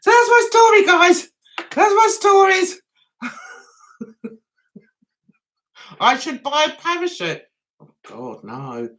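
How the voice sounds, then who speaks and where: A woman's voice: very high-pitched, very animated, takes it slowly, pauses often, fairly bright tone. A middle-aged woman hosting a casual livestream, telling an anecdote with giggles and animation. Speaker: YouTube host.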